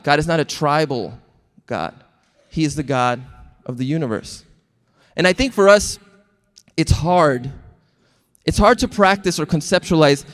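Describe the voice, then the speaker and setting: A man preaching a sermon as a pastor, telling stories and acting out quoted lines with animated delivery. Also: on the high side, big-room sound. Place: large church hall.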